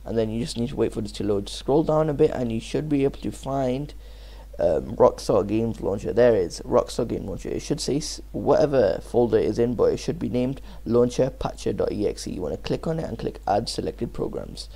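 A man's voice: medium pitch, expressive, a little fast, creaky, dark tone. A young man casually talking through a game tutorial and playing on camera, chatty and slangy. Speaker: gaming YouTuber. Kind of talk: tutorial and gameplay commentary. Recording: echoey room with background noise.

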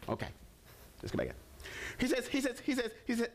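A man preaching a sermon with a high, lively voice that swoops up and down. He repeats phrases and stammers into restarts, then bursts out in rising questions. It is a broadcast sermon. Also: a little fast, pauses often. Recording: television ministry broadcast.

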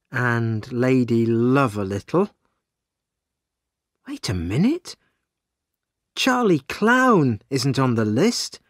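A man's voice: mid-range voice, no echo, studio quality. A man voicing an observant young female park worker who checks things carefully, in a storybook reading for English learners.

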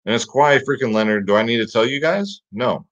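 A fast-talking man with a mid-range voice and lively intonation hosts a fantasy sports picks show. He keeps it casual and pumped up, frequently dropping "guys" and "get him in there." The lo-fi recording comes across slightly dull.

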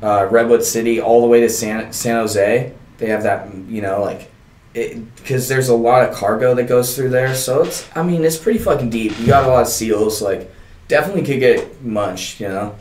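A man's voice: medium pitch, moderate pace, a little mellow, echoey room. A young man, a podcast guest, telling a long story in a casual, profane, laid-back way and laughing often.

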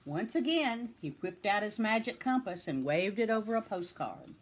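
A woman from Tennessee reading a children's picture book aloud with expressive storytelling. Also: medium pitch, moderate pace, hardly any pauses.

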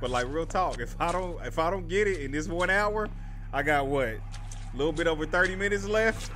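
A young adult man casually commenting on his own gameplay, slangy and animated, jumping from loud outbursts to hushed muttering and repeating short phrases under stress. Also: fairly high pitch, brisk, slight background noise. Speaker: gaming channel host.

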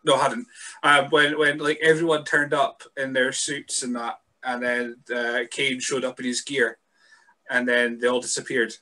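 A Scottish man hosting a podcast, chatting in a relaxed, hesitant way full of fillers. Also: medium pitch, moderate pace. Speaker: podcast host. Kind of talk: casual podcast chat.

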